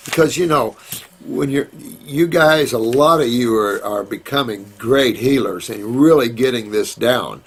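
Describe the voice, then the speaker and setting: A man's voice: medium pitch, a little slow, slight background noise. A middle-aged man hosting a casual question-and-answer session, talking in a rambling, folksy way and calling viewers sweetheart and honey. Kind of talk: casual live Q&A.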